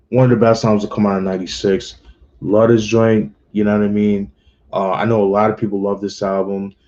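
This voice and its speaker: A man giving a casual, slangy album review, relaxed and loose with lots of fillers. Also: lowish voice, highs cut off. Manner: laid-back, slangy, many fillers and restarts.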